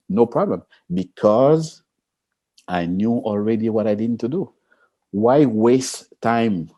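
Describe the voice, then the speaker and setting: A man being interviewed as an Olympic sprinter, telling stories with lively energy, acting out quotes in a high excited voice and laughing. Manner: expressive, jumps into high excited pitch, acts out quotes, laughs. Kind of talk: animated interview storytelling.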